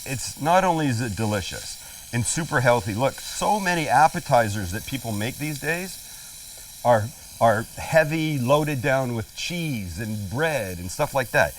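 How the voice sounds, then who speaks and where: A middle-aged man hosts a casual cooking demonstration at an outdoor flat-top grill, chatting and joking with the viewer as he works. His voice sits at an ordinary middle pitch. He is heard from a little way off the mic, with a faint sizzle of food behind him. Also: unhurried, recorded from a distance, slight background noise, rough recording. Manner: chatty, joking, talks to the viewer while working. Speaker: cooking show host.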